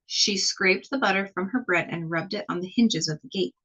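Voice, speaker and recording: A woman reading a children's picture book aloud in an expressive, slow storytelling manner. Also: medium pitch, muffled recording. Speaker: storybook reader.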